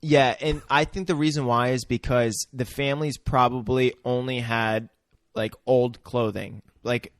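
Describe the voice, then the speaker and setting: A man on a podcast offering easygoing guesses about a film's plot, hedging often and agreeing readily. He speaks at a middle pitch, close to a dry-sounding mic. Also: steady tone, measured pace, no room sound. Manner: laid-back, hedging and agreeable. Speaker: podcast co-host. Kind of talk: casual movie discussion.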